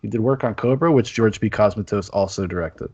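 A man's voice: on the low side, a little fast, a little mellow, husky. A man hosting a casual movie review podcast, rambling with lots of fillers and restarts. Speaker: podcast host. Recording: dull lo-fi podcast audio.

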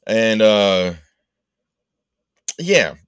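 Rambling, profane podcast host, low voice. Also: male voice, very animated, extremely slow, smooth, no room sound, studio quality. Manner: profane, rambling, puts on voices for people in his story. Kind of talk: casual comedic storytelling.

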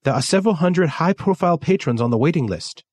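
A man's voice: on the high side, animated, fast talker, darkish tone, no room sound, voice pushed up. A man doing a courteous Japanese dealer. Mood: matter-of-fact. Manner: courteous, formal, bowing politeness. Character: polite formal Japanese man, deferential art dealer.

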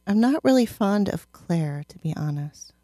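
A woman's voice: mid-range voice, animated, moderate pace, dark tone, dry recording, studio quality. A woman chatting thoughtfully about a TV show as co-host, laughing easily. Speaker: podcast co-host. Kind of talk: casual chat about a TV show.

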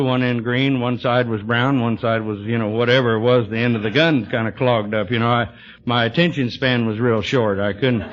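A man tells tall, funny stories to a meeting audience in a dry, drawling storytelling voice. His voice is mid-pitched and plain. The sound comes from a dull, lo-fi old tape recording. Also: a bit bright. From Texas. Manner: dry, drawling humor with frequent "you know". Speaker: recovery speaker.

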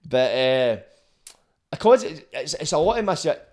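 A man's voice: fairly high pitch, sing-song, moderate pace, darkish tone. A Scottish man hosting a podcast, trading sweary, laid-back banter with his guest. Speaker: podcast host. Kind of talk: casual chat.

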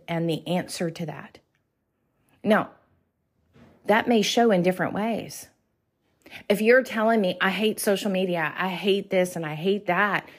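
A middle-aged woman, a Christian business coach, giving an earnest faith-based motivational talk with slow, emphatic questions. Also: on the low side, husky.

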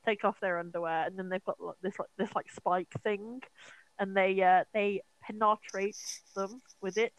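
A podcast co-host with a medium-pitched voice recaps a horror film at normal speed, chatting casually and animatedly. She swears often and acts out the characters' lines. The audio is poor, with no room sound.

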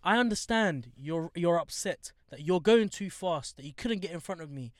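A young man, chatting casually and telling animated stories full of slang. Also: a little high, normal speed, no room sound, studio quality. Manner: animated storytelling, heavy slang. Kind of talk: casual chat.

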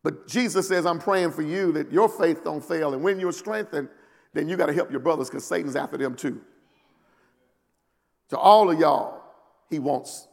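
A man preaching a sermon as pastor, swinging between low, quiet passages and loud, climbing peaks, with many amens and repeated words for emphasis. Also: normal speed, vocal fry. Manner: call-and-response preaching with frequent "amen" and rising shouted peaks. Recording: long hall reverb.

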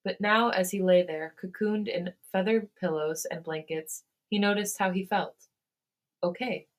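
Woman host, fan fiction reading, steady and lowish. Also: a little slow.

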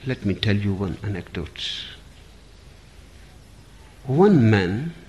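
A man giving a spiritual discourse, speaking in short phrases with long pauses between them. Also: on the low side, big pitch swings, a little mellow. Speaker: spiritual teacher.

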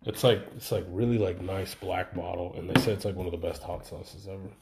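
A man co-hosting a casual podcast chat, animated and swearing, often talking over the others. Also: sits low, a little fast, creaky. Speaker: podcast co-host. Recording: echoey room with noise.

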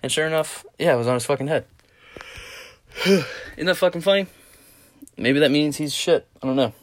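A man's voice: fairly high pitch, normal speed, no echo. Sleepy young dude rambling on his podcast, swearing a lot, dry close sound. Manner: rambling, profane, tangent-prone. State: tired, yawning. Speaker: podcast host. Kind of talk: casual solo podcast rambling.

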